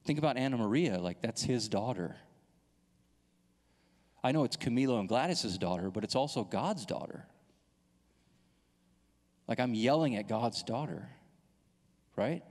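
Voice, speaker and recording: A man's voice: medium pitch, a little slow, long pauses. A male pastor in his thirties telling a personal story in a sermon, acting out the voices in the dialogue. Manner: animated storytelling, acts out dialogue. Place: church hall. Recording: long hall reverb.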